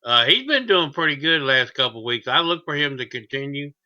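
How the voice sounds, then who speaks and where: A man's voice: medium pitch, lively intonation, brisk, pushed and bright, lo-fi sound. A man doing color commentary on a video game league stream, laid-back and a bit hesitant.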